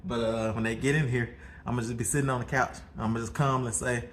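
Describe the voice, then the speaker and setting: A man's voice: mid-range voice, steady tone, fast, a bit bright, slight background noise. A man with a Southern US accent, casually vlogging from his kitchen at home as a father, chuckling and repeating words as he talks. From Mississippi, US.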